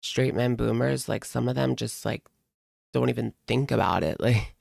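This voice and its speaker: A man's voice: mid-range voice, normal speed, gravelly, a little mellow, dry recording, studio quality. A man hosting a casual livestream, chatting and reading out viewer comments with lots of "like" fillers. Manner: chatty, frequent "like" fillers, laughs often.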